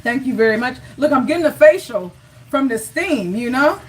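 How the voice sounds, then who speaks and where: A woman's voice: sits high, animated, normal speed, far from the mic, low-quality recording. A woman hosting a live cooking show, chatty and encouraging, talking straight to her viewers.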